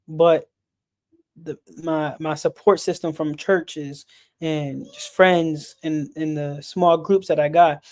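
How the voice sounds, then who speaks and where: Earnest man with a level, even delivery. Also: fairly high pitch. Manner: earnest, repeats words while searching for them. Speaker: speaker on a sports and mental health stream. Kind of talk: earnest personal talk.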